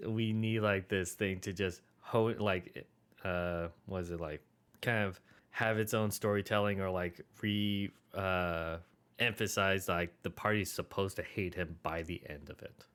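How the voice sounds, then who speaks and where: Deep-voiced man rambling through ideas. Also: fairly even intonation, a little slow, fairly bright tone, clean tone. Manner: rambling, filler-heavy, trailing off. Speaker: podcast co-host. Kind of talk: casual brainstorming chat.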